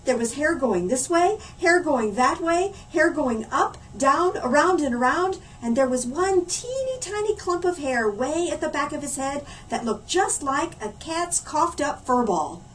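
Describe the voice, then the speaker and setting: A woman as a library story lady, reading a silly picture book aloud to children in a playful, animated way. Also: sits high, measured pace, hardly any pauses, recorded from a distance, slight background noise, poor audio. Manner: animated, playful, swooping between hushed and loud.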